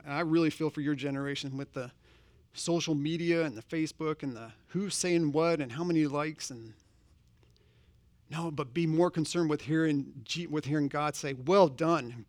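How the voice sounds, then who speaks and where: A man's voice: a little high, normal speed, a little mellow, no echo. Earnest preaching man, dry close sound. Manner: earnest, conversational preaching with direct questions to the congregation. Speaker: pastor. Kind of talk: sermon.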